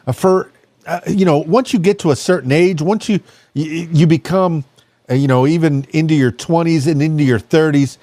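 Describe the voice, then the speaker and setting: A man's voice: fairly high pitch, moderate pace, mellow, no echo. A man hosting a podcast interview, chatting casually with a lot of fillers and jokes. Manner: rambling, jokey, many fillers. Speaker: podcast host.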